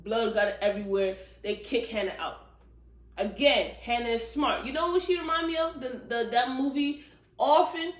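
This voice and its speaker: Animated woman in a roomy echo. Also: a little high, moderate pace. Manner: animated, profane, chatty storytelling. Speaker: book reviewer. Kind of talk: casual book review.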